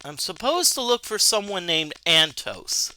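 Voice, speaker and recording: A man's voice: high-pitched, sing-song, a little slow, sharp tone, slight background noise. A man streaming a video game, chatting casually and reading its text aloud. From United States. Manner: talkative, restarts, reads game text aloud.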